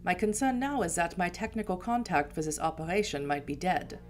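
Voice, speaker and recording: Stern old-world vampire prince, formal and cold, read by a low-voiced woman. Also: animated, faint music behind, close to an everyday voice. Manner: formal, measured, threatening.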